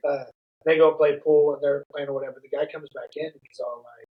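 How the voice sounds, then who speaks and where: A man's voice: a little high, quick pace, phone-quality sound. A middle-aged man casually telling a story on a podcast, laughing and acting out what people said. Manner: animated, laughing, acts out quotes. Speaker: podcast guest.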